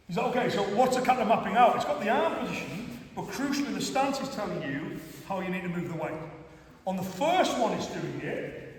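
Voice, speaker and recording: High-voiced Cumbrian man teaching in a hall. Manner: chatty, keeps checking in with the class. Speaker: karate instructor. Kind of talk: teaching a class. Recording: echoey hall from far off.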